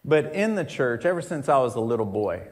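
A man delivers a sermon to a congregation in a church. He preaches like he is telling a story, talking plainly, then repeating key phrases for emphasis. His pitch sits in the middle range. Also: big pitch swings, brisk, a little mellow. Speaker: pastor.

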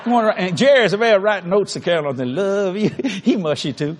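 A man's voice: high voice, fast talker, background noise. A man preaching a humorous sermon in a large auditorium, telling a folksy story and laughing through his words. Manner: animated, often laughing mid-sentence, folksy. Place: large auditorium before thousands.

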